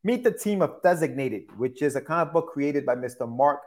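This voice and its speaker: A man's voice: a little high, animated, fairly quick. A man co-hosting a podcast, talking in a laid-back, joking way. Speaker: podcast co-host. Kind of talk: casual chat.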